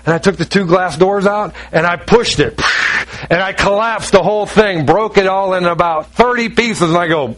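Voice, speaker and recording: A man's voice: high-pitched, fairly quick, fairly bright tone, rough recording. A middle-aged man preaching a sermon in a folksy, joking way, acting out little dialogues. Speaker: pastor.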